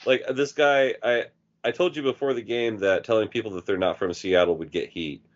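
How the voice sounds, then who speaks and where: Low-voiced man telling crude stories. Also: fairly even intonation, a little fast. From Eugene, Oregon. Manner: profane, storytelling, laughs at own jokes. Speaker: podcast co-host. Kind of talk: casual chat. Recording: dull lo-fi sound.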